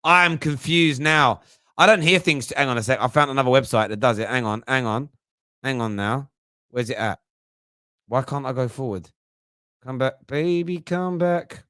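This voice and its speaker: A man's voice: mid-range voice, bright, forceful tone, dry recording, studio quality. A man hosting a fan phone-in show, chatting casually, thinking aloud and poking fun at himself. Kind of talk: casual live-stream chat.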